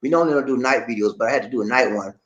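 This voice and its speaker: A middle-aged man hosting a casual YouTube live stream, telling stories in an animated, outspoken way. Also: medium pitch, racing, echoey room, highs cut off. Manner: animated, laughing, outspoken storyteller. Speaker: YouTube show host.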